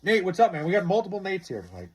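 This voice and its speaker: This streamer has a high, breathy voice with huge pitch swings and a rapid-fire delivery. Reading his chat live, he talks casually with viewers, rambling on and cursing freely as he argues sports.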